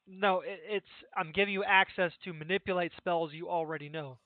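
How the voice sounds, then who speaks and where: Casual young male game master, slightly high voice, rambling with fillers, tinny voice-chat sound. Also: fairly even intonation, a little fast, dry recording. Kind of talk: running a tabletop game over voice chat.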